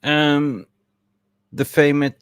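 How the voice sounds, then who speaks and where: A man's voice: fairly high pitch, level tone, very slow, smooth, dry recording, clean studio sound. A young man hosting a fan podcast livestream, effusively thanking supporters by name and stumbling over names. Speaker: podcast host.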